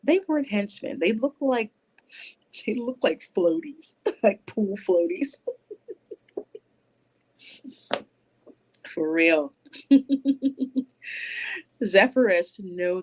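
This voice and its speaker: A woman hosting a livestream, chatting casually and reading viewer comments aloud, rambling with lots of fillers and restarts. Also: fairly low pitch. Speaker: livestream host reviewing a movie.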